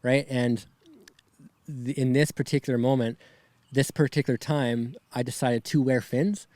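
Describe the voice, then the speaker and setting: A man's voice: medium pitch, fairly even intonation, moderate pace, darkish tone, no room sound. A young man, a podcast guest, telling a personal story in a rambling way, shaken and close to tears, often adding "right?" and "man".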